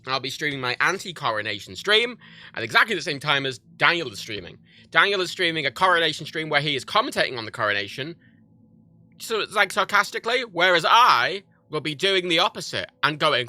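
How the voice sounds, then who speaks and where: A man's voice: on the high side, brisk, dry recording. A man in his thirties chatting casually on a gaming livestream, rambling and swearing freely. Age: 30s. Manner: profane, rambling, animated.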